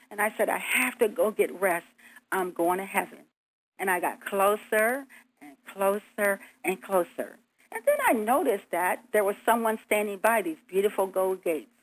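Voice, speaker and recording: A woman's voice: medium pitch, rough recording. A woman guest earnestly recounting a near-death experience, acting out her own pleas as she tells it.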